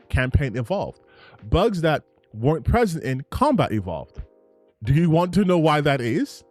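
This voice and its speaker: A man's voice: a little high, a little mellow. Profane ranting male gaming commentator. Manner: heated, profane, repetitive.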